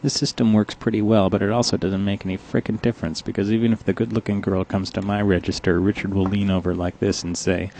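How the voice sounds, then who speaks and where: A young man narrating a comic story in a deadpan, dryly complaining way, telling it as a coffee shop cashier. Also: deep voice, fast talker, creaky, hardly any pauses, slight background noise.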